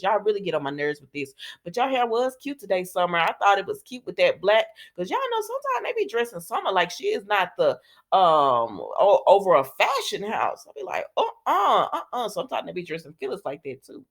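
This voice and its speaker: A woman recapping a soap opera in a chatty, sassy way, talking back to the characters. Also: mid-range voice. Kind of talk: casual chat.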